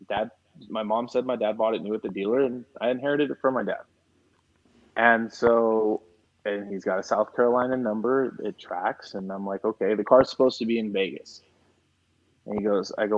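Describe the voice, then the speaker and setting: A man's voice: lowish voice, fairly even intonation, a little fast, dry recording. A man who is a guest on a car show, telling a story in casual chat and acting out both sides of a phone call. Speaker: guest, classic car dealer.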